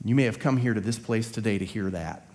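A lowish, slightly mellow male voice talks fast, preaching a Sunday sermon. Earnest, he builds toward emphatic high points. The setting is a church sanctuary, heard through long church-hall reverb.

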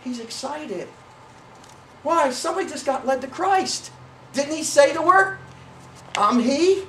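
A male pastor preaching with a high-pitched voice, folksy and animated, often rising to a shout. He sounds a bit far from the mic. The church room around him is echoey. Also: unhurried, a little hiss or hum. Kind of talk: sermon. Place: church sanctuary.

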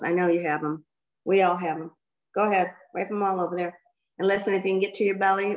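A woman giving a direct, folksy workshop talk as guest speaker. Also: fairly low pitch. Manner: lively, direct, folksy coaching. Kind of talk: workshop presentation.

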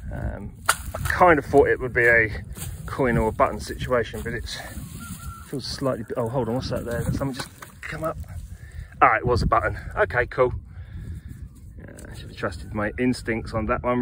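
Chatty man, detecting vlogger outdoors in a ploughed field. Lively, swooping pitch, talks to his finds and calls his viewers friends. Steady outdoor noise behind him. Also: moderate pace, pauses often. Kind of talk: casual running commentary to camera.

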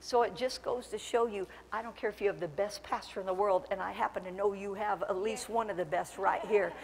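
A woman pastor preaching a lively sermon, telling stories and building to fervent shouts. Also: mid-range voice, fairly quick, a little hiss or hum. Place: church sanctuary. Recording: long church hall reverb.

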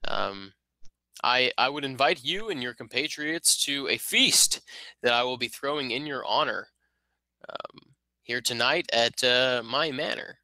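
A man's voice: mid-range voice, animated, measured pace, sharp tone, no room sound, heavily acted, low-quality recording. Man putting on Lord Padraig, a courteous town lord. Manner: polite, hesitant with many fillers.

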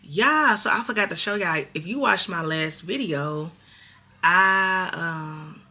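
Bright-voiced chatty woman vlogger. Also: on the low side, slow. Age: 30s. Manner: candid, chatty, addresses viewers as y'all. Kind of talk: casual vlog chat. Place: at home.

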